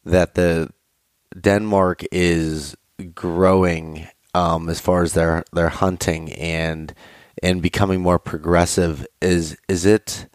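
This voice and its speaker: A man's voice: sits low, flat delivery, takes it slowly, no echo, clean studio sound. A man from Pennsylvania hosting a casual interview, asking questions in a hesitant way.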